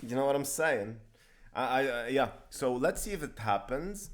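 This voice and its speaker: A man at a middling pitch, chatting on a podcast. He talks in a lively, joking way, often breaking into laughter and going off on tangents. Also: moderate pace. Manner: animated and joking, with frequent laughs. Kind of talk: casual podcast chat.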